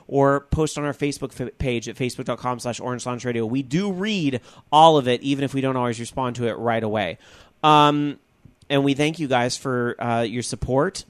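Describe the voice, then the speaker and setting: A man's voice: medium pitch, dry recording. A man hosting a podcast, wrapping up the show in a casual, rambling way with many fillers. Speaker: podcast host.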